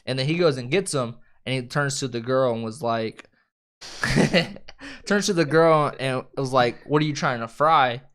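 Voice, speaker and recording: A man's voice: medium pitch, normal speed. A man co-hosting a casual film review chat, retelling scenes with acted-out quotes, swearing and laughing often. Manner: animated retelling, acts out quoted lines.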